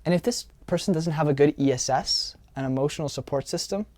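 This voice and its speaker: A man's voice: fairly high pitch, fairly quick, mellow, no echo. A man giving an earnest self-help talk as a coach, often repeating phrases for emphasis. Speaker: social skills coach.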